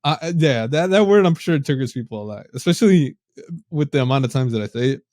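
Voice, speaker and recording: A man's voice: mid-range voice, fast talker, no room sound. Male co-host, mid-range voice, easygoing and slangy, dry close-miked podcast sound. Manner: relaxed, chatty, says "bro". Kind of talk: casual chat.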